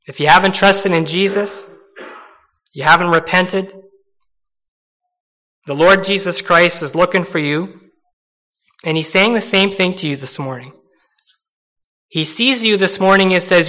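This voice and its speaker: Guy preaching a sermon, pretty high voice, earnest, dull lo-fi recording. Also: moderate pace, pauses often. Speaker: pastor.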